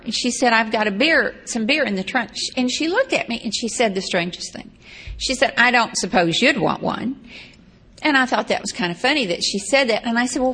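A woman's voice: fairly high pitch, a bit bright, husky. A woman from Texas, telling a rambling personal story with wry asides. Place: seated on a stage or chair.

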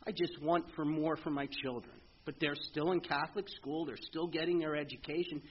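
Middle-aged man, recovery meeting testimony, halting and earnest, muffled lo-fi sound, faint room ambience. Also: a little high, fairly even intonation, a little hiss or hum. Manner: halting, earnest, with frequent restarts. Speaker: speaker sharing at a recovery meeting.

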